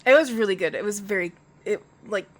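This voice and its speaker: A woman's voice: medium pitch, a little fast. A young woman streamer chatting casually from home into a desk mic, rambling and laughing easily. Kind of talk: casual chat.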